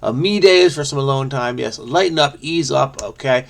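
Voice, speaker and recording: A man with a gravelly, fry-tinged voice at a middle pitch, hosting a crossword video. He solves casually and thinks out loud, letting thoughts trail off and slipping in self-amused remarks. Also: normal speed. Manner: muses aloud, trailing off, self-amused asides. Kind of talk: casual think-aloud puzzle solving.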